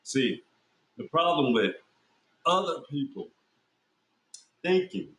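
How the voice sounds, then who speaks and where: A man's voice: on the high side, sing-song, slow, fairly bright tone. A man hosting a podcast, talking in a blunt, profane, rambling monologue full of fillers and restarts. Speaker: podcast host. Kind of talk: casual monologue. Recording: echoey room.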